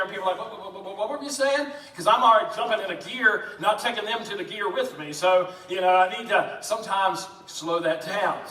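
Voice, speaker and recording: Lively, fast-talking preacher. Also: male voice, sits high. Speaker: pastor. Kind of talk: sermon. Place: church sanctuary. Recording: echoey church from a distance.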